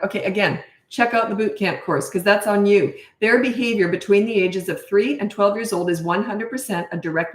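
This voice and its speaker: A woman in her sixties, a parenting coach, answering viewer questions in a blunt, emphatic and opinionated way. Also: lowish voice. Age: 60s. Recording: echoey room.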